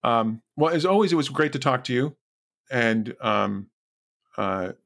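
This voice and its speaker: A man's voice: medium pitch, animated, unhurried, gravelly, fairly bright tone. A man hosting a podcast interview in casual talk, hesitant and full of fillers. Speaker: podcast host.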